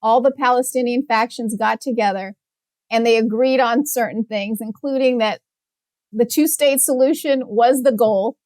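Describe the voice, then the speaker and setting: Woman policy guest, fairly high voice, dry studio sound, measured explaining. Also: darkish tone, no room sound. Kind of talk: explanatory interview answers.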